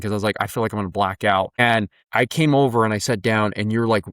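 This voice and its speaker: A man's voice: lowish voice, fast, few pauses, fairly bright tone, no room sound, clean studio sound. A man hosting a podcast, reflectively telling a personal story in a casual, emotional way. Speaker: podcast host. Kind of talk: casual interview conversation.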